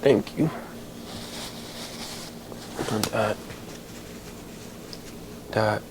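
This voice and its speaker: A man hosting a podcast, telling a heartfelt personal story in a halting way, with many pauses and fillers, holding back tears. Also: fairly low pitch, fairly even intonation, noisy background. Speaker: podcast host.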